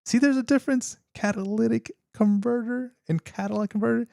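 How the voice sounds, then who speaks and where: A pedantic, excitable man, as a streamer puts him on lifts his voice far above its usual register and spells things out with exaggerated patience. Every word lands slow and deliberate, as if correcting a friend who just won't get it. The sound is dry and close, with no room around it. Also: very high-pitched, gravelly, no room sound, pitched above the performer's own voice. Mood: mock patient.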